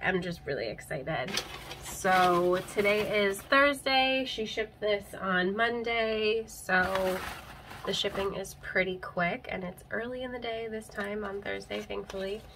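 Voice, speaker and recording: A young woman who vlogs about plants films a casual unboxing on a handheld camera, with background noise behind her. Her medium-pitched voice keeps a steady tone and measured pace, yet she gushes emotionally, her voice catching as she laughs and cries over what she unwraps.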